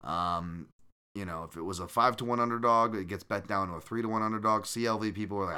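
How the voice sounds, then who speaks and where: Brief: male podcast host, bright forward tone, easygoing talk peppered with ums and restarts, reading from a live chat. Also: low-pitched, fast, clear, resonant tone. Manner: loose and conversational, frequent fillers and restarts. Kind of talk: live-streamed casual chat, reading viewer comments.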